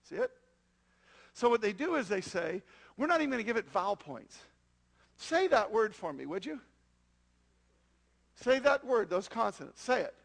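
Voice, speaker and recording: Very high-voiced gravelly male preacher. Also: sing-song, moderate pace, long pauses. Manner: preaching with frequent rhetorical questions to the congregation. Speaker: pastor. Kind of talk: sermon.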